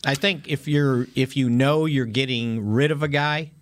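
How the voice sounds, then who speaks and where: A man's voice: medium pitch, fairly even intonation, moderate pace, no echo. A man on a sports talk panel, speaking in a casual, wry way.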